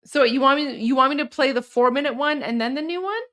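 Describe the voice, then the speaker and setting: A woman's voice: high voice, fast, a bit bright. A woman hosting a livestream, chatting casually and rambling a little as she answers her viewers' chat. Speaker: livestream host.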